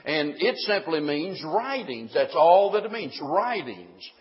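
Guy preaching a sermon, kinda high voice, asks the room questions then answers them, dull recording w/ long echo. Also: big pitch swings, a little slow.

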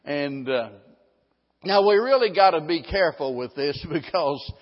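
A man's voice: on the high side, lively intonation, measured pace. A middle-aged male pastor preaching a sermon in a folksy, rambling way, often restarting his sentences. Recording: dull lo-fi sound with a long hall reverb.

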